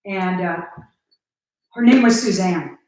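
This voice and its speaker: A woman's voice: on the low side, takes it slowly, a little mellow. A woman ghost hunter in a live stream, earnestly asking questions and talking straight to her viewers. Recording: very echoey, distant from the mic.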